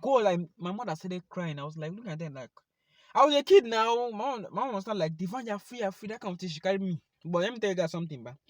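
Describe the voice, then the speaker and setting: Young Nigerian man, vlogger, quick animated testimony, close dry sound. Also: high voice, no echo. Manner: animated, talks straight to viewers. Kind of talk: personal testimony to camera.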